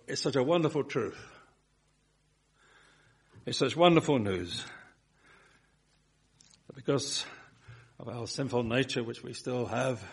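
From the pulpit, a man with a slightly husky voice preaches a sermon in an earnest, rhythmic way, swelling on emphatic lines and dropping low and soft on single words.

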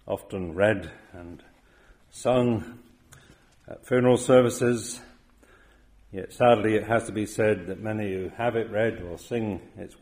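A man preaching a sermon to his congregation in a measured, emphatic way, slowing down to stress quoted verses. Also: on the low side, a little mellow. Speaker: pastor.

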